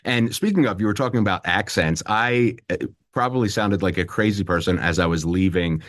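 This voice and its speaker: A man hosting a pop culture podcast, chatty and quick to laugh, often restarting his sentences. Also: fairly low pitch, a bit bright, dry recording, studio quality. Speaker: podcast host. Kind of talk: casual interview.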